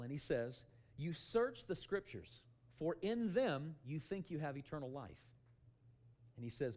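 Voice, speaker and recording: A man preaching a sermon in an animated way, acting out little scenes, calling for amens and sometimes shouting. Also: mid-range voice. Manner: animated, shouts for emphasis and acts out quotes; calls for amen often.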